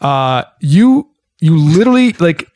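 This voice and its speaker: A man co-hosting a podcast, telling an animated story and acting out what people said. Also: fairly high pitch, measured pace, no echo, clean studio sound. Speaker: podcast co-host. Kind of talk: casual storytelling chat.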